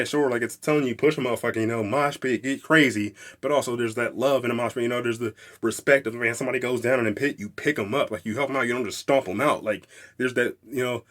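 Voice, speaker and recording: A young man hosting a casual music podcast, rambling excitedly, swearing freely and laughing as he talks. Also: medium pitch. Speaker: podcast host.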